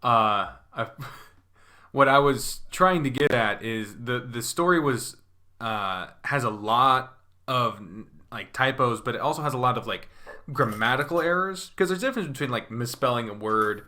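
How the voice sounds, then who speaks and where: A man's voice: medium pitch, lively intonation, moderate pace, sharp tone. A man with a Southern American accent chatting loosely on a panel, swearing freely and stopping to check how he comes across. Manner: profane, rambling, self-questioning. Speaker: panel guest. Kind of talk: casual chat.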